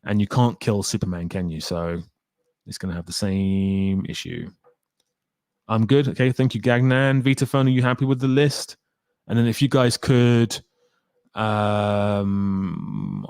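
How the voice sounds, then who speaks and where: A man's voice: lowish voice, darkish tone, dry recording, studio quality. A man hosting a casual live stream about films, rambling and talking straight to his chat viewers by name. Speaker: film talk live stream host.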